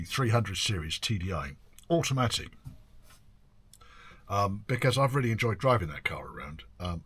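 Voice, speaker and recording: A man's voice: lowish voice, sharp tone, breathy edge, no room sound. An older man, rambling casually about his year of classic car work as host of his channel. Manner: rambling, chatty, mild swearing, frequent ums. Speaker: classic car workshop owner and video host. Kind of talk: casual year-end chat to camera.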